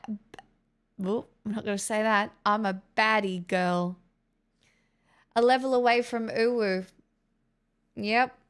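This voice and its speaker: Playful, smooth-voiced female streamer. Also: fairly high pitch. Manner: playful, giggly, teasing. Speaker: livestreamer. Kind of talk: casual livestream chat.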